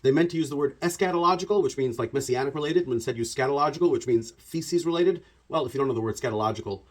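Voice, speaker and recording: Husky man telling a rambling story. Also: mid-range voice, fast talker. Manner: animated and digressive, piles up repeated words. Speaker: religious commentator. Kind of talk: conversational storytelling monologue.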